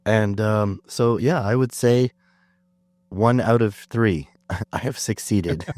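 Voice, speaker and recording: Deep-voiced man hosting while sick. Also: slow pace, no room sound. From Canada. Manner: relaxed, chatty, self-deprecating with fillers. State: sick, under the weather. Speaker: podcast host. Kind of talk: casual chat.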